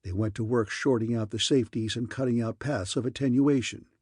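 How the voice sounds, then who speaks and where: Brief: male narrator reading classic sci-fi, husky and dry, close to the mic. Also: medium pitch, fairly quick, dry recording. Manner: steady storytelling. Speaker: audiobook narrator. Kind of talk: scripted narration.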